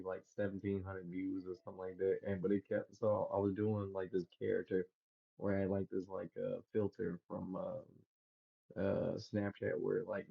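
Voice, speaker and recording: Young guy comedian, low raspy voice, kinda muffled lo-fi sound. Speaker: comedian guest. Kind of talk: casual chat.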